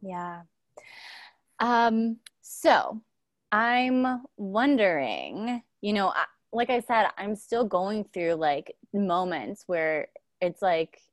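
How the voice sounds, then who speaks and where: A woman's voice: mid-range voice, expressive, very slow, no echo, clean studio sound. A young woman in casual chat, telling candid personal stories and saying "like" a lot. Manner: candid, lots of "like", emotional storytelling.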